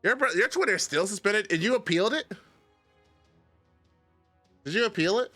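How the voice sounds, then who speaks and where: A man's voice: high-pitched, lively intonation, normal speed, pushed and bright, no echo, soft background music. A man streaming live, chatting casually and arguing a point with his chat, addressing viewers by name.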